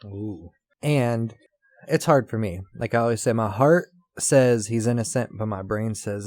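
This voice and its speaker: A man with a lowish voice and a slight Southern twang chats loosely on a podcast, full of ums and uhs. The sound is dry and close, with no room around it. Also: a little slow, a little mellow, no echo. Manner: loose, rambling, with many fillers. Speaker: podcast co-host. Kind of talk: casual podcast chat.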